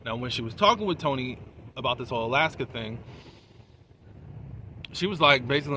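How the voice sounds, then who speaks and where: A man's voice: mid-range voice, expressive, fairly quick, long pauses, pushed and bright, a little hiss or hum. A man giving a casual, chatty recap of a TV episode, laughing between points and asking his viewers questions. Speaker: TV episode reviewer.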